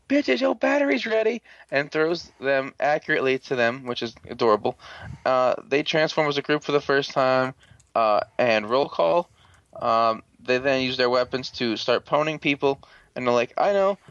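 A man hosting a casual, profane recap, sarcastic and rambling with many fillers and throat clearing. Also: medium pitch, a bit bright, dry recording. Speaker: podcast host recapping a show. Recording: dull lo-fi dry sound.

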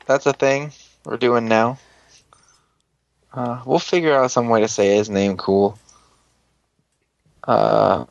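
A man's voice: mid-range voice, no room sound. A man hosting a casual show and recapping an episode in a rambling, profane, joking way. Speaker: podcast host. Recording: dull lo-fi recording.

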